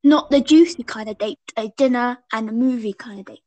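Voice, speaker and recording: A woman's voice: fairly high pitch, brisk, dark tone, muffled recording. A young woman chatting casually as a podcast co-host, rambling and giggly, stringing her thoughts together with "and then". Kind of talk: casual fan chat over a call.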